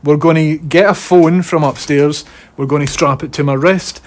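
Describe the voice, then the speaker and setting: A Scottish man chatting casually to viewers on a live stream, excitable and talkative, speaking into a phone mounted on his head at home. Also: on the high side, normal speed.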